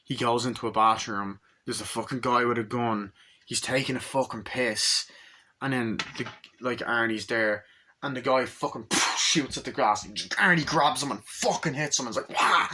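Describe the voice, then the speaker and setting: Bright-voiced excitable man. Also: mid-range voice, normal speed. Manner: rambling and excitable, heavy swearing, acts out scenes with sound effects. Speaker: film reviewer. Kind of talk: casual film review.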